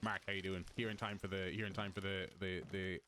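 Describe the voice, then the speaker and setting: Bright-voiced Irish streamer rambling casually. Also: male voice, deep voice, level tone, a little fast, a little hiss or hum. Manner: rambling, swears a lot, laughs loudly. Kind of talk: casual gameplay commentary.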